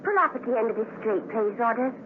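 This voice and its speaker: A woman's voice: on the high side, animated, fast, close to an everyday voice. A woman in a radio drama playing a scheming female spy who coaxes and manipulates her lover, heard on a tinny lo-fi broadcast with hiss. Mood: coaxing.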